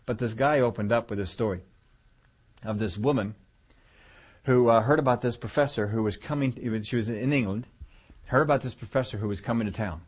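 A man's voice: medium pitch, fairly quick, husky. A man preaching a sermon in a folksy, conversational way, rambling a little as he tells a story to his congregation.

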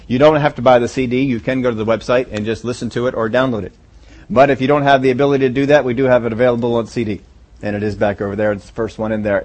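A man preaching a sermon as pastor, telling stories in a conversational way. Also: medium pitch. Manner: storytelling, conversational.

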